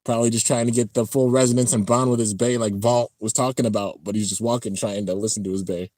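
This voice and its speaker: A man hosting a casual live-stream reaction, talking excitedly and rambling as he comments on an episode. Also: lowish voice, quick pace, dry recording, studio quality. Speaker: channel host reacting to an anime episode.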